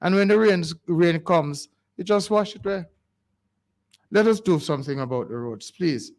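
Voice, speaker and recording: Speaking at a normal speed with lively intonation, a Jamaican-accented radio host fills a call-in community show with rambling, pleading talk and many restarts. His voice sits high and is a little mellow, recorded in a radio studio.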